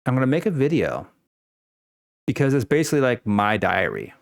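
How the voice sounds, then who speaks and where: A man's voice: mid-range voice, big pitch swings, fairly quick, vocal fry, no echo, clean studio sound. A young man ranting casually to the camera at home, rambling with many fillers and restarts and swearing freely. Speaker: vlogger. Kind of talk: unscripted personal rant.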